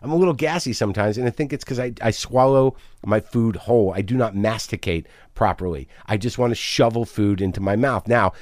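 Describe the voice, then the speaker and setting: A man's voice: fairly low pitch, brisk, few pauses, a little mellow, no room sound, clean studio sound. A middle-aged man hosting a podcast, talking in a manic, rambling, profane confessional monologue. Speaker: podcast host.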